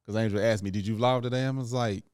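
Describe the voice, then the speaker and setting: A man with a fairly low voice co-hosts a casual podcast, relaxed and joking, with slangy phrasing. The sound is dry and close to the mic. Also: quick pace, clear, resonant tone, dry recording. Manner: laid-back, joking, slangy. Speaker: podcast co-host. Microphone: studio microphone.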